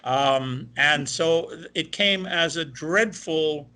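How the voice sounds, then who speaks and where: A man's voice: a little high, slow. An older man from Ohio, a tenor, telling stories in an interview and quoting the people he met along the way. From Ohio, USA. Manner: animated anecdotal, quoting others. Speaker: guest, opera tenor. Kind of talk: interview storytelling.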